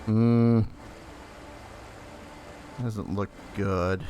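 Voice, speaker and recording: A man's voice: lowish voice, fairly even intonation, very slow, warm tone, a little hiss or hum. Man muttering along to his gameplay. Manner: muttering to himself while playing, self-teasing. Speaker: streamer. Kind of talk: casual gameplay commentary.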